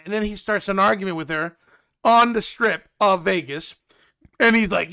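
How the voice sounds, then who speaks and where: A man hosting a casual reality-TV recap, animated and sarcastic in a gossipy way. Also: high-pitched, normal speed, gravelly, clear, resonant tone. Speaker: host.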